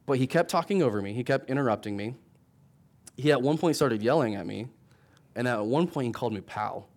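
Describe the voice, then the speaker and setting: A man's voice: mid-range voice, lively intonation, a little fast. A young adult man preaching a sermon in a conversational, storytelling way, building to emphatic points. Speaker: pastor.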